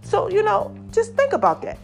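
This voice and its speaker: Animated raspy woman podcast host. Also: moderate pace, soft background music. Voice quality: raspy, deeper than usual. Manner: preachy, animated, calls listeners "baby" and "y'all". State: slightly hoarse. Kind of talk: casual motivational podcast monologue.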